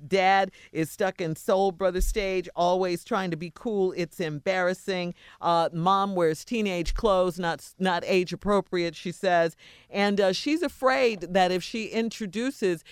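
A man hosts a radio show, reading a listener's letter in an even, smooth delivery. His voice is resonant. The studio sound is dry and close. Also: high voice, a little slow, no echo.

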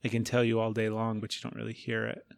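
A man's voice: fairly low pitch, monotone, fast, creaky, dry recording. A man co-hosting a podcast, supportive and blunt, swearing casually. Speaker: podcast co-host. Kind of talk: casual chat.

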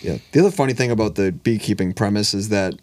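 A man's voice: on the low side, fast talker, darkish tone. Laid-back young man musing with dry humor. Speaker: podcast co-host. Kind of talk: casual movie-review chat.

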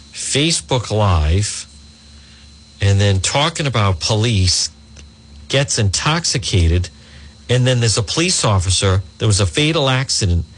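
A middle-aged man hosting a talk radio show, reading a news story aloud and adding indignant asides. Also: on the low side.

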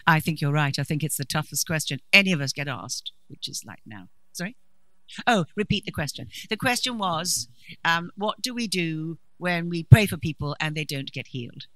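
A middle-aged woman giving a preaching talk at a conference, a lively storyteller with dry humour. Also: sits low, no room sound, rough recording. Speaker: conference speaker.

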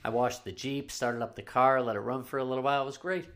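A man's voice: mid-range voice, fairly even intonation, fast, fairly bright tone. A man tells rambling stories as a podcast co-host. His delivery is easygoing and casual, with the odd curse. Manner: laid-back storytelling, profane. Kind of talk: casual chat.

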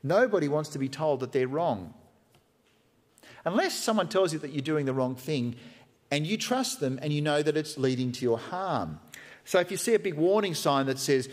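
A man preaches a sermon in a church hall, in a conversational, joking way that keeps slipping into acted-out quotes. His voice sits a touch high and swings widely in pitch. A long hall reverb trails every phrase. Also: expressive, normal speed. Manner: conversational and humorous, acting out quotes. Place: church hall with live stream.

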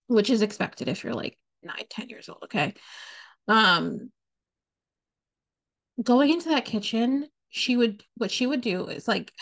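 Speaking at medium pitch with vocal fry and a somewhat bright quality, a woman tells a personal story on her podcast. She's casual, candid, and blunt, swears freely, and leans on "like" and "you know" a lot.

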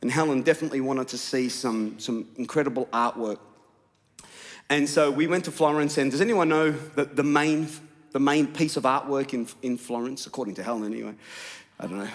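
A man's voice: medium pitch, brisk. A man, a pastor, preaching a sermon in a church with humorous, self-mocking storytelling. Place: church auditorium. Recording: long hall reverb.

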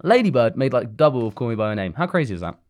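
A woman's voice: very deep voice, very animated, very fast, darkish tone. A woman co-hosting a casual podcast, chatty and teasing, laughing often. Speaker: podcast co-host. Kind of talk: casual chat.

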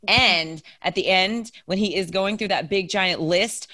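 A woman from Louisiana co-hosting a book podcast, talking in an animated, rambling way. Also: medium pitch, a little slow, dry recording. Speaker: podcast co-host, educator. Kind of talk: casual book chat.

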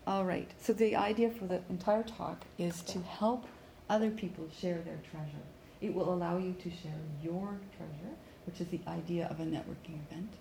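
A woman teaching a conversation class, explaining in lively bursts and acting out listener reactions, in an echoey room. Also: fairly low pitch, moderate pace, gravelly, hardly any pauses. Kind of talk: classroom coaching. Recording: echoey room with faint background noise.

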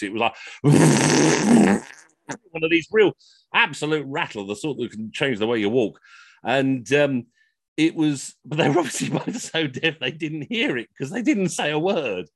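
A middle-aged man telling comic anecdotes on a video call, animated and slipping into funny voices for the people in his stories. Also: mid-range voice, dry recording. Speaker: costumed Henry VIII entertainer telling stories.

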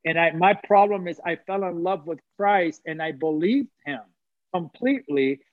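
Man, high voice, heartfelt testimony, preacherly repetition; dry, slightly muffled audio. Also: moderate pace, no room sound. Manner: earnest, preacherly, repeats phrases for emphasis. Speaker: guest sharing testimony. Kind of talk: emotional personal testimony.

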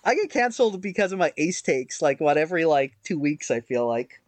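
A man with a fairly high voice, chatting as a podcast co-host. He rambles, mocks himself and keeps restarting his sentences. The sound is dry and close to the mic. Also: very animated, brisk, dry recording. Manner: rambling, self-mocking, lots of fillers and restarts. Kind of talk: casual chat.

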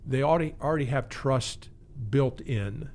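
A man who works as a pastor and teaches pastoral care answers in a conversational interview at a moderate pace. His mid-range voice has a darkish tone, and he comes across earnest and reflective, frequently restarting his phrases.

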